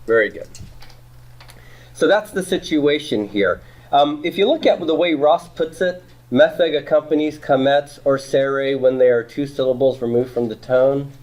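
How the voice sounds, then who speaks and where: A middle-aged man teaching a Hebrew grammar class, patient and often checking in with "okay?" and "right?". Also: lowish voice. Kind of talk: classroom lecture.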